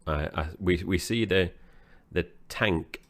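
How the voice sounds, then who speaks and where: A man co-hosting a film review podcast, recapping the plot in a relaxed, loose conversational way. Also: sits low, takes it slowly. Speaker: podcast co-host. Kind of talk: casual movie review chat.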